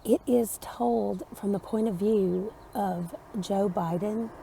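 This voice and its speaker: Woman, slow talker, strong vocal fry, relaxed chatty vlog. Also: mid-range voice, a little hiss or hum. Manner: unhurried, chatty. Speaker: book vlogger. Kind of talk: casual vlog chat to camera. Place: indoors, early morning.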